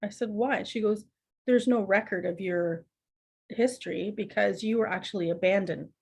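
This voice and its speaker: A middle-aged woman, a podcast guest telling family stories in a lively, laughing, conversational way. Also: medium pitch, moderate pace, vocal fry, slightly rough. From Canada. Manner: laughs often, animated anecdotes with acted quotes. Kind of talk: conversational storytelling.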